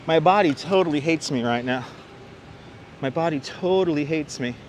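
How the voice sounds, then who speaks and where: On the high side and moderately paced, this man's voice carries a walking live stream through urban streets. Greeting viewers by name, he chats and reads their messages aloud. Faint street noise and traffic come through his wireless clip-on mic.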